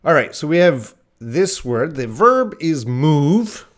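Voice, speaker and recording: A man's voice: fairly high pitch, sing-song, takes it slowly. A man teaching English pronunciation in a live online class, drilling consonant sounds, asking viewers to repeat after him and reading names from the chat.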